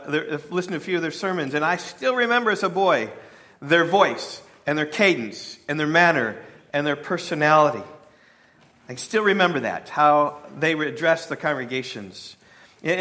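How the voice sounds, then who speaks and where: Bright-voiced male pastor preaching. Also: on the high side. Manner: conversational, with fillers and playful asides to the congregation. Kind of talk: sermon.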